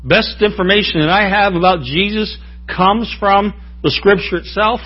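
A man's voice: high-pitched, steady tone, normal speed, breathy edge, muffled recording. A man preaching a sermon in a folksy, joking way, often calling out to the congregation for an amen. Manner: folksy, joking, asks the crowd for amens.

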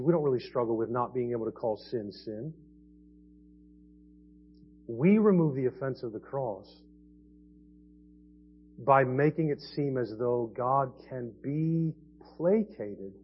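A man preaching a sermon as pastor, earnest, swinging between quiet and emphatic passages. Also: medium pitch, husky. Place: church sanctuary. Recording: dull lo-fi church audio.

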